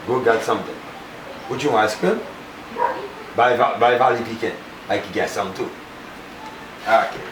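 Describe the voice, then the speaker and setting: A man's voice: fairly low pitch, normal speed, pauses often, lightly acted. An actor with a Bahamian accent playing a hot-tempered but doting father, emphatic and repetitive, in a film. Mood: easygoing. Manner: emphatic, repeats himself, broken grammar. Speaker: actor in a low-budget feature film. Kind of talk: naturalistic film acting. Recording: roomy, distant, with background noise.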